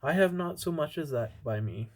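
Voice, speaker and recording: A man's voice: a little high, expressive, moderate pace. A man voicing a matter-of-fact male town goldsmith, read plainly.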